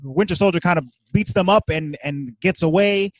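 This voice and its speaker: A man's voice: high voice, moderate pace, dry recording. A man co-hosting a podcast, casually recapping a movie plot with chuckles and lots of fillers. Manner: laid-back, chuckling, filler-heavy retelling. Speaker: podcast co-host.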